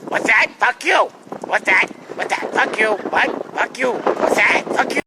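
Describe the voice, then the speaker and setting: A man's voice: high voice, expressive, measured pace, heavy background noise. A man doing a rude barking Philly lout. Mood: hostile barking. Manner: barking, repetitive, hostile. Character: rude belligerent man spitting curses.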